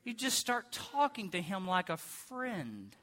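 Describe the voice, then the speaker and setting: A middle-aged man preaching a sermon as pastor, telling comic stories with sudden loud bursts and mock prayer voices. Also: high-pitched, sing-song, takes it slowly.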